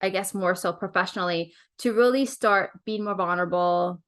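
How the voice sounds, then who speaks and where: A woman's voice: mid-range voice, moderate pace, a bit bright. A woman hosting a podcast, chatting enthusiastically and casually with her guest. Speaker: podcast host.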